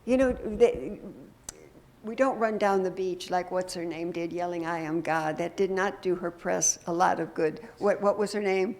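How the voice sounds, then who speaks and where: An older woman minister preaching a sermon to her congregation, conversational and gently humorous, often asking the room questions. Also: lowish voice, moderate pace. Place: church sanctuary.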